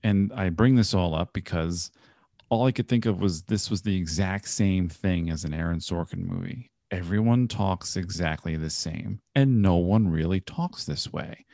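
A man's voice: deep voice, moderate pace, warm tone, no room sound, studio quality. A man co-hosting a podcast, reviewing a movie in casual chat with wry storytelling and frequent laughs. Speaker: podcast co-host.

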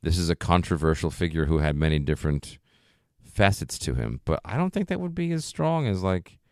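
A man with a low voice talks through a film's story in a relaxed, rambling way, stacking up "you know" and "like" as he thinks. His voice sits close and dry, with no room echo. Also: fairly quick. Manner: thoughtful, rambling, frequent fillers like "you know" and "like". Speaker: film discussion co-host. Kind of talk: casual film discussion.

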